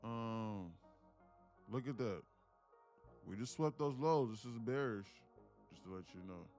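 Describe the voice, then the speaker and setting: Casual livestream host greeting viewers. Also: male voice, on the low side, animated, a little slow, a little mellow, faint music behind. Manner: greets viewers by name, swears freely, laughs easily. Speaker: livestream host, day trader.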